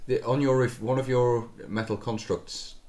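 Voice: medium pitch, steady tone, moderate pace, a little mellow. A player in a tabletop game, telling events in a rambling way.

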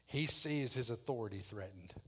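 A man's voice: medium pitch, moderate pace. A man preaching a sermon, dramatic as he acts out the voices in the story. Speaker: pastor.

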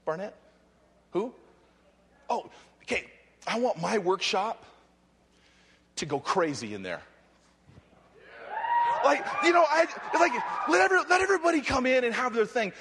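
A man from Hawaii speaking at a youth conference, preaching energetically, often shouting and joking. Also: very high voice, measured pace, pauses often, slight background noise. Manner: animated, shouting, joking, restless. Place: large hall with audience. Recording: long hall reverb.

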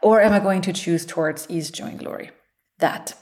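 A playful woman psychologist giving an uplifting talk. Her voice sits fairly low for a woman. She laughs often and talks in loose, encouraging bursts. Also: normal speed, a little mellow. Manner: encouraging, speaks in loose flowing phrases. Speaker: psychologist and speaker. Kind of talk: motivational talk.

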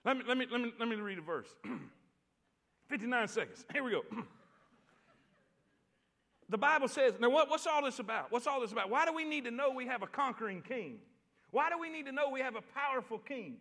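High bright-voiced preacher. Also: male voice, expressive, fairly quick, pauses often. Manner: repetitive, call-and-response preaching that builds to shouts. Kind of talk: sermon. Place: church.

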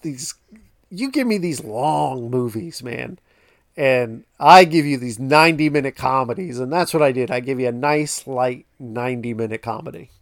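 A man co-hosting a movie podcast in casual chat, relaxed and teasing. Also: mid-range voice, moderate pace, dry recording, clean studio sound. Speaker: podcast co-host.

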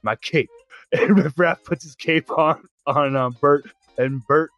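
A man's voice: a little high, fairly even intonation, a bit bright, no echo, muffled recording, soft background music. A man playing a tabletop game, describing his character's actions with playful humor and frequent laughs. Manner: slow, playful, laughs a lot. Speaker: player.

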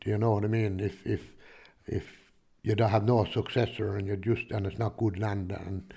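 A man's voice: fairly low pitch, little pitch movement, moderate pace, vocal fry, dark tone, husky. A man with a Kilkenny Irish accent, a farmer answering interview questions in a rambling, chatty way, full of restarts and "do you know what I mean". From Ireland.

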